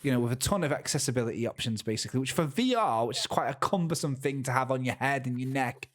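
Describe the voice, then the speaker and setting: Animated man chatting casually. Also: mid-range voice, fast talker. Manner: animated, excitable storytelling with stammers. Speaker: podcast co-host. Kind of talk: casual chat.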